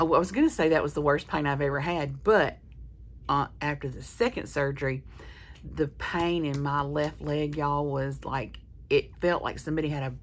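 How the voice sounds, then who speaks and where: Low, gravelly woman vlogging. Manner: meandering, candid storytelling with many restarts. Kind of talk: casual chat to camera.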